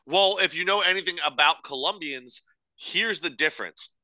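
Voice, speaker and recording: A young adult man co-hosting a podcast, arguing his point in animated, opinionated, sweary casual talk. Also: fairly high pitch, moderate pace, no room sound. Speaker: podcast co-host.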